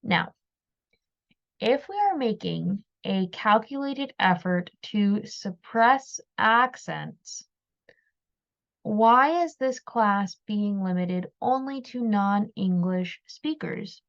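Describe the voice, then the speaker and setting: A woman giving reflective opinion commentary, measured and thoughtful, sometimes repeating words as she thinks. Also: medium pitch, lively intonation, vocal fry, muffled recording. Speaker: commentary video host.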